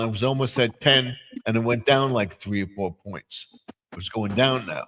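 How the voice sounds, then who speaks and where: A man's voice: medium pitch, measured pace, a bit bright, rough recording. An older man hosting a live stream, chatting casually and rambling, with many restarts and fillers. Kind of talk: casual chat.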